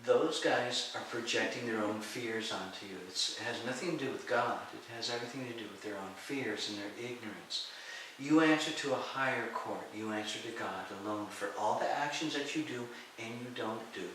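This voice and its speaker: A middle-aged man telling lively stories in an interview, acting out the voices of people he quotes and laughing often. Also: medium pitch, normal speed. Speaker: interview guest, martial arts and healing teacher. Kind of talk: storytelling in a conversational interview. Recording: echoey room, far from the mic, faint hiss.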